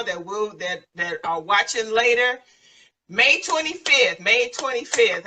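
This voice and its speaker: A woman's voice: mid-range voice, bright, forceful tone, distant mic, poor audio. A woman hosting a live online show, emotional and effusive, thanking guests and announcing an event. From San Antonio, Texas. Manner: emotional, effusive, laughs often. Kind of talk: live-stream chat and announcements.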